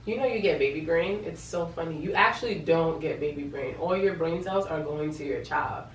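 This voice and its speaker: A young woman vlogging in a chatty, animated way, acting out the voices in her story. Her voice sits a little low and sounds somewhat distant from the mic, with the room echoing around it. A faint hiss of ambience hangs underneath. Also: normal speed. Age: young adult. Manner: chatty, animated retelling with quoted dialogue. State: pregnant. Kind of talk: casual storytelling vlog.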